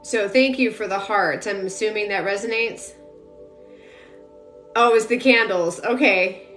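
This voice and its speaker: A young woman doing a psychic reading live into her phone, talking in a loose, rambling way full of filler words. Her voice sits at an ordinary middle pitch. The room is echoey, and soft music plays behind her. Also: unhurried. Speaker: psychic medium. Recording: roomy echo, faint music behind.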